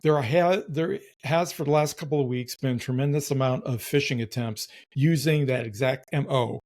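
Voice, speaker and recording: Man co-host chatting in measured tones. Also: medium pitch, darkish tone. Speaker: podcast co-host. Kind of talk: casual podcast chat.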